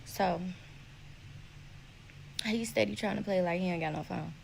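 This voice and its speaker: A young woman telling her own story in a blunt, profane, animated way. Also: mid-range voice, normal speed, creaky, long pauses, a little hiss or hum, rough recording. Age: young adult. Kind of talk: casual storytelling.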